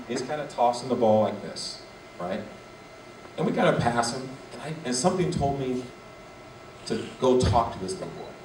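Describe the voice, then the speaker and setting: A man in his forties giving a motivational speech as a guest speaker, telling a personal story and acting out its dialogue. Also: mid-range voice. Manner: animated, acts out dialogue. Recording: echoey hall, distant mic, faint noise.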